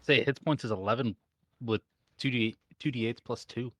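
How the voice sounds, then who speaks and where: A man's voice: medium pitch, moderate pace, fairly bright tone. A man playing in a tabletop game, eager and chatty as he looks up rules. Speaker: player. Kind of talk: casual chat at a tabletop game.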